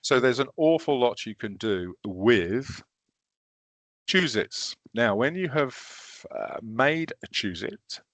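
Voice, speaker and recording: A man leading a recorded training session, walking through teaching software step by step in a casual, self-deprecating way. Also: mid-range voice, big pitch swings, takes it slowly, no room sound.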